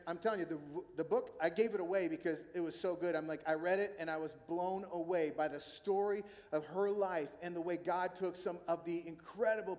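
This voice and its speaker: A man preaching a sermon as a pastor, in a conversational, animated storytelling manner. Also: sits high. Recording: long hall reverb.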